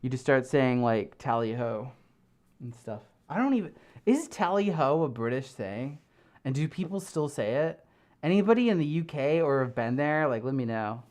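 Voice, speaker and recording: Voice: mid-range voice, big pitch swings, normal speed, darkish tone. Rambling, giggly streamer chatting through a fursuit, reading comments from the chat. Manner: rambling and giggly, full of fillers. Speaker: live streamer. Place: home streaming room.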